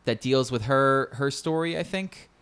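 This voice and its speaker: A man's voice: medium pitch, normal speed, fairly bright tone, smooth. A man in casual chat about video games, rambling and repeating words as he explains.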